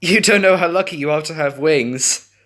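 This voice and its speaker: A man's voice: a little high, moderate pace, a bit bright, voice pushed up, close to an everyday voice. A man voicing a brave young male fox who leads his group, lifting his voice well above his own. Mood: joking.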